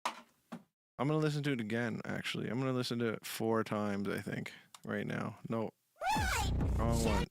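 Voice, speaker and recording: A woman's voice: a bass voice, steady tone, normal speed, creaky, pauses often, no room sound. A playful woman chatting casually and laughing as she reacts to a song and practices along with it. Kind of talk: casual chat reacting to music. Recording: loud music playing over the voice. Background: loud music.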